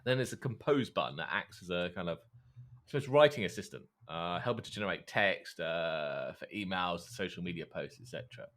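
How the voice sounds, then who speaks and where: A man co-hosting a casual tech podcast, explaining in a relaxed way with fillers. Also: low voice, a little fast. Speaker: podcast co-host.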